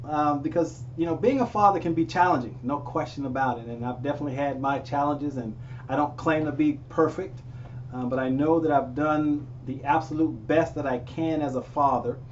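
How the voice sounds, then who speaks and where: A man's voice: fairly high pitch, brisk, recorded from a distance, lo-fi sound, slight background noise. A man interviewing his grown son, often laughing as he tells stories and acts out voices in quotes. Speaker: interviewer and father. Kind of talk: unscripted conversation.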